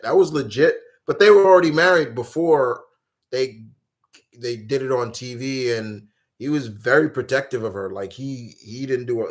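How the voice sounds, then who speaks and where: A man in his forties, hosting a live Q&A stream and rambling through casual chat full of fillers and restarts. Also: mid-range voice. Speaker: host.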